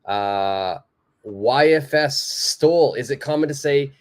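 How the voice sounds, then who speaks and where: A man teaching a live online English lesson, patiently repeating example sentences in a clear, careful way. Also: medium pitch, slow pace.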